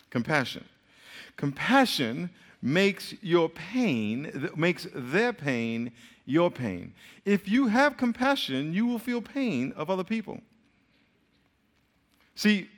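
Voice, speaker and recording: A man preaching a sermon to a crowd in a lively, joking way, speaking straight to them. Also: sits high, moderate pace. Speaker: pastor. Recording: long hall reverb.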